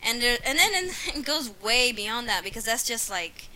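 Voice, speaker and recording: Bright, chatty young woman. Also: on the high side, very animated, moderate pace. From New Jersey. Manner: chatty, laughs often, repeats herself. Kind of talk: casual chat.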